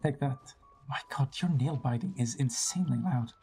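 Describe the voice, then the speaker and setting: A woman's voice: extremely low pitch, normal speed, dark tone, breathy edge, faint music behind. A woman hosting a livestream, chatting casually in a blunt, teasing way with frequent swearing. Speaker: livestream host. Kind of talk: casual chat.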